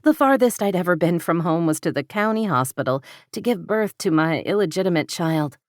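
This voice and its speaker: Candid young woman read by a woman narrator, earnest and teasing, low-pitched, dry close voice. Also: expressive, a little fast, no echo, lightly acted. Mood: confiding.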